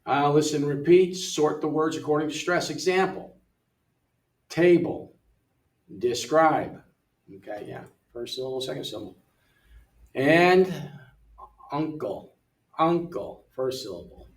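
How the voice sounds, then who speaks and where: An older man working through an English app lesson in a relaxed way, thinking aloud and reading words off the screen, recorded from away from the mic in a room. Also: on the high side, normal speed, far from the mic. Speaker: missionary English tutor. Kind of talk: casual walkthrough of an app lesson. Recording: roomy sound from away from the mic.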